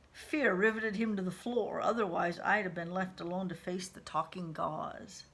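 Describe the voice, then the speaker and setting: A woman's voice: on the low side, steady tone, moderate pace, few pauses, a bit bright, breathy edge. A woman reading a first-person novel aloud, stopping now and then to comment in a casual way. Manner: unpolished reading, stops to comment. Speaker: reader of a novel.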